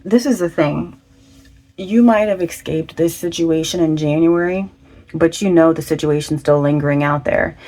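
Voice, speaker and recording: A woman's voice: low-pitched, warm tone. A woman giving a casual pick-a-card tarot reading, chatty and slangy, with lots of affirming fillers. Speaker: tarot reader.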